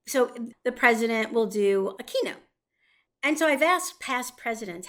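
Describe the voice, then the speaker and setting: A woman's voice: a little high, expressive, moderate pace, a bit bright. A middle-aged woman, president of a teachers' association, telling a reflective story in earnest, conversational guest talk.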